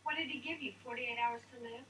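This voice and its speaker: This is a chatty female receptionist who flirts and teases without shame, played by an actress. Her voice sits high. It reaches us from a distance, as film audio playing in the background. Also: fast talker, fairly bright tone, a little hiss or hum, lightly acted. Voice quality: perky, teasing.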